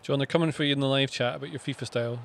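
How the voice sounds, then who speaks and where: A man co-hosting a live football watchalong, cracking dry, deadpan jokes in casual banter. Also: mid-range voice, very fast, creaky. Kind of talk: casual banter over a match stream.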